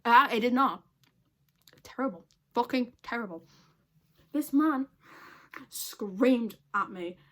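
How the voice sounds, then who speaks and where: A woman's voice: fairly high pitch, takes it slowly, pauses often, sharp tone. Exasperated young woman. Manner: profane, exasperated storytelling. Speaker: vlogger. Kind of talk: casual storytime.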